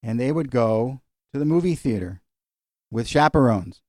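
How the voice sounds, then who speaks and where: With lively intonation and a slightly mellow, medium-pitched voice, a middle-aged man runs a casual Bible study at a normal pace. He chats, wanders off topic, chuckles, uses fillers, and shares personal stories. It's a dry, studio-quality recording.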